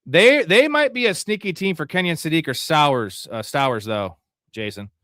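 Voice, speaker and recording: Profane, excitable man streaming a draft. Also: a little high, moderate pace, dry recording, clean studio sound. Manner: profane, frustrated, outbursts of yelling. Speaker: fantasy football live show host. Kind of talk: live-streamed draft commentary.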